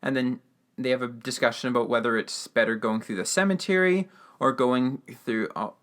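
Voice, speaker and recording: A man's voice: mid-range voice, moderate pace, fairly bright tone. A man hosting a podcast, giving a casual, rambling recap of a radio drama episode with lots of fillers and restarts. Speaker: podcast host.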